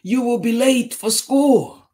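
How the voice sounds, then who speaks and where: A man reading a picture book aloud and voicing a mother who keeps urging her daughter to hurry, in a raised, high, loud voice. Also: takes it slowly. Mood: urgent. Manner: high, loud, urgent calls.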